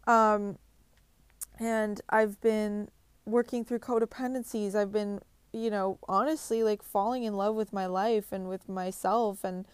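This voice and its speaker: A woman's voice: mid-range voice, a little mellow, clean tone, no room sound. A woman in her twenties talking bluntly and passionately in a confessional vlog, swearing heavily and speaking with emphasis. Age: 20s. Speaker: vlogger.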